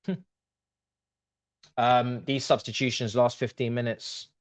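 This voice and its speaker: A man's voice: medium pitch, little pitch movement, measured pace, dry recording. A man hosting a live football watch-along, talking straight to his viewers as a passionate fan.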